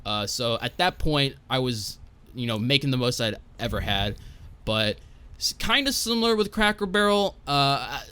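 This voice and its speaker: Young male podcast guest, casual storyteller, foul-mouthed and rambling, mid-pitched everyday voice. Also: animated, moderate pace, pushed and bright, clear, resonant tone. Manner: profane, rambling, tags lines with "right?".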